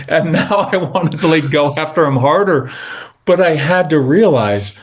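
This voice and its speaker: A middle-aged man in a conversational interview as a parenting guest, telling earnest stories and slowing down to stress key points. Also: medium pitch, animated. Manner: earnest, storytelling, slows down for emphasis.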